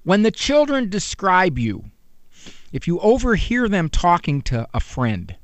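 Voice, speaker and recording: Radio talk host, middle-aged man, bouncy high voice, dry close studio sound. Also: wildly swooping pitch, measured pace, no room sound. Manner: conversational, teasing, acts out quotes. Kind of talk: animated radio monologue.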